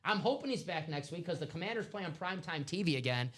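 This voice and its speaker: Laid-back host rambling about football, kinda high voice. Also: male voice, lively intonation, fast talker, a bit bright. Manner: chatty, rambling sports talk. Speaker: live-stream host. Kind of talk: casual sports chat.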